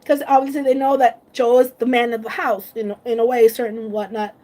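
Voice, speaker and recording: A woman's voice: a little high, level tone, a little fast, warm tone. A woman vlogger chatting casually on a live stream, emotional and tearful, gushing and laughing often.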